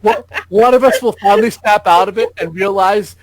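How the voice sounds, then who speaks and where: A man's voice: high voice, a little fast, dry recording, rough recording. A man guest on a gaming podcast, explaining things in a chatty, jokey way. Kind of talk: casual gaming podcast chat.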